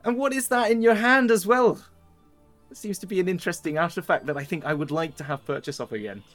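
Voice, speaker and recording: A man's voice: sits high, fast talker, fairly bright tone, faint music behind, pitched above the performer's own voice. A man voicing an imperious, irritated female ruler in a tabletop game, talking in a sarcastic, scolding way.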